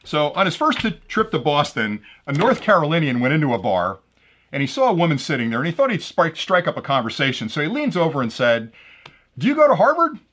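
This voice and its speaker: Chatty man with a lively voice. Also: a little high, fast. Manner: chatty, tells jokes and laughs at his own punchlines. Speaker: drone channel host. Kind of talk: casual giveaway announcement with jokes.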